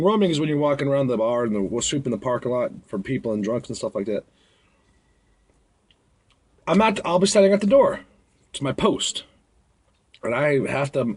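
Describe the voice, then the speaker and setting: A young man who works as a bar bouncer, telling stories in a blunt, rambling way and acting out drunk patrons. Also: a little high. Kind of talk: casual storytelling vlog.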